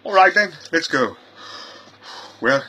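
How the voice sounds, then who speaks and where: A rambling eccentric gentleman, played by a man, who chuckles and mutters to himself at an unhurried pace. His bright, husky voice rises and falls a great deal, in a fan-made audio parody. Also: on the high side, animated, a little hiss or hum, heavily acted.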